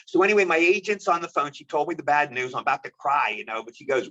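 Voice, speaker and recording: A man from the United States, an actor, telling animated anecdotes as an interview guest. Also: a little high, quick pace. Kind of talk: storytelling interview. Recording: dull lo-fi audio.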